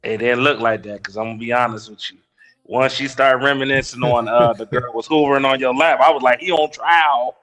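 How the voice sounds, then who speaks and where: A man calling in to a live stream, joking loudly and laughing as he talks. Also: medium pitch, fairly even intonation, a little fast. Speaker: caller. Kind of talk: casual chat.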